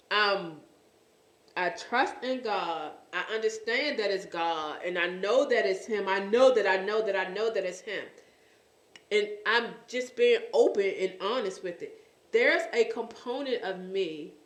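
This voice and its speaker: A woman hosting a faith-based talk show, speaking earnestly and often pausing to search for words. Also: mid-range voice, fairly bright tone, reverberant. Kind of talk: faith-based casual chat.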